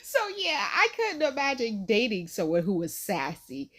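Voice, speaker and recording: Young woman reacting to vids, super animated voice, slangy, laughing a lot. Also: moderate pace. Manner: animated and slangy, laughs often, jumps into high squeals. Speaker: reaction video host. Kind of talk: casual chat to camera.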